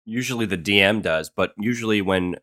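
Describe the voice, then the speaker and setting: A man co-hosting a podcast who explains things plainly and cracks quick jokes. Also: fairly low pitch, bright, forceful tone, no echo, studio quality. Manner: joking, quick with quips. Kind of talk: casual conversation.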